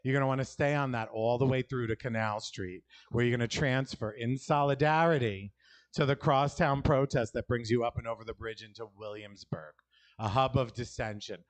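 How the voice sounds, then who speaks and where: A man's voice: mid-range voice, steady tone, moderate pace. A man with a New York accent performing a loose, rambling stand-up set with self-deprecating asides, recorded at an outdoor alley show. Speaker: stand-up comic.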